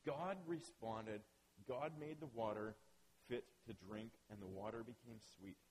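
A man's voice: fairly low pitch, unhurried, a little mellow, a little hiss or hum, low-quality recording. A man preaching a sermon, earnest and emphatic, often asking rhetorical questions. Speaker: pastor.

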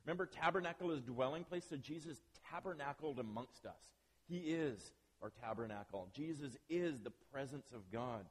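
A man's voice: medium pitch, lively intonation, normal speed, husky. Man, pastor, preaching a sermon, casual self-deprecating asides, long church reverb. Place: church building.

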